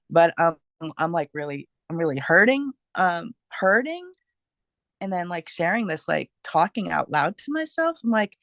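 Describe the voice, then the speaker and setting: Halting, candid woman sharing. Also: fairly low pitch, animated, no echo. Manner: halting, heavy on "like", emotionally open. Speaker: discussion group participant. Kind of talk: personal sharing in a group call.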